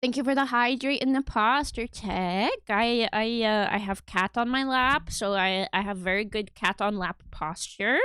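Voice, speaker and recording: A woman's voice: on the high side, a little slow, few pauses, pushed and bright, clean tone, dry recording, clean studio sound. A woman livestreaming from home, chatting playfully and giggling with her viewers at a desk microphone. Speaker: streamer. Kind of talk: casual livestream chat. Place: home room.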